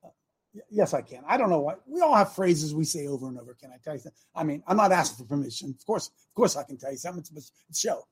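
A man hosting a talk show in a casual, opinionated way, animated, with loud bursts and repeated phrases. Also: on the high side, rapid-fire, husky. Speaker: host.

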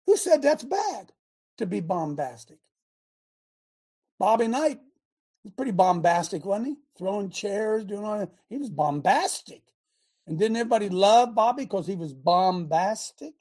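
A woman hosting a talk show, talking in an emphatic, rambling way, breaking off her own sentences and bursting into shouts. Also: medium pitch, husky. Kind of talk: animated talk show monologue.

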